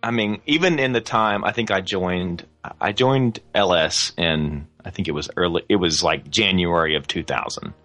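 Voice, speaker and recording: Man, 40s, from the American South; guest musician, casual storyteller, restarts a lot, laughs often; low voice with a bright edge. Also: moderate pace, few pauses, faint music behind. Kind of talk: casual conversation.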